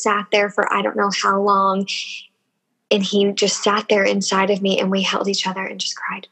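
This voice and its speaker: Woman, guest, candid storytelling, husky voice, earnest and emotional. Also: mid-range voice, monotone, normal speed, sharp tone, rough recording.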